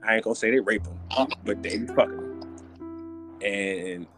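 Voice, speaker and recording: A man hosting a podcast, ranting in an animated, joking and profane way with lots of restarts. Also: on the low side, a little slow, music in the background. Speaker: podcast host. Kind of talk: casual comedic podcast chat.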